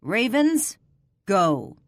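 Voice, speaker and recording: A woman's voice: lowish voice, big pitch swings, slow pace, no echo, exaggerated voice. A woman narrator voicing a cocky, teasing male warrior leader who barks orders. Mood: commanding. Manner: dry, teasing, then barking orders.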